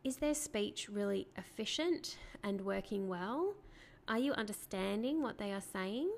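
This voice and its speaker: A woman speech therapist explaining to parents in a clear, patient teaching talk, asking rhetorical questions along the way. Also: mid-range voice, expressive, measured pace, a little hiss or hum.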